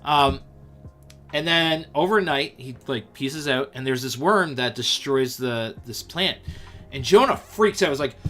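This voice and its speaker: A man hosting a casual Bible talk on a livestream, animated and full of fillers. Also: medium pitch, measured pace, soft background music. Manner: animated, filler-heavy, lots of likes. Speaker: livestream host.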